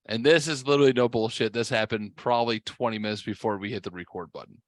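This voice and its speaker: A tipsy man hosting a podcast tells a rambling, foul-mouthed story. His voice is mid-pitched and sits close to the mic, dry and without room sound. When he gets worked up, it shoots high. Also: quick pace, no room sound. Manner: profane, rambling, voice jumps high when excited. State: tipsy from drinking. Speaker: podcast host. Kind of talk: casual storytelling.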